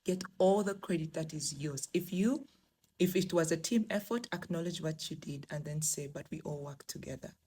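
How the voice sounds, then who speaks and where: A woman's voice: on the low side, normal speed, mellow, a little hiss or hum. A young woman from Africa giving emphatic, encouraging career advice straight to her viewers in a vlog. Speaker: remote work vlogger. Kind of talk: direct-to-camera advice vlog.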